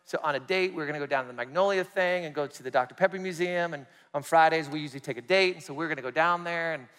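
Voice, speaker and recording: Preacher, high tenor, animated storyteller, big hall reverb. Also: male voice, rapid-fire, clear, resonant tone. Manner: animated storytelling, swings loud and soft. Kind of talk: sermon testimony.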